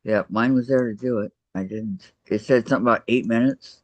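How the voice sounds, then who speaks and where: A man hosting a crafting video call, chatting casually and laughing often, with his voice going hoarse. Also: medium pitch, fairly quick, no room sound. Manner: chatty, laughs often, greets viewers warmly. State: losing his voice. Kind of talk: casual chat while crafting. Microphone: computer microphone on a video call. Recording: dull lo-fi video call audio.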